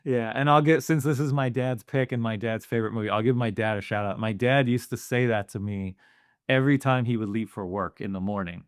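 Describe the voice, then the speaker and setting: Male podcast co-host, mid pitch, earnest rambling style, dry close mic. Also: a little fast, no echo. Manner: earnest, thinks aloud with many fillers. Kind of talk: casual movie discussion.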